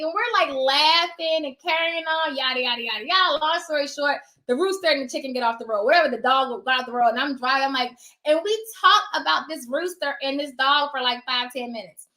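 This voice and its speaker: A woman talking casually about her notary work, chatty and animated, acting out little scenes of dialogue, sounding tired. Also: sits high, fairly quick, roomy sound. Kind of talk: casual advice talk.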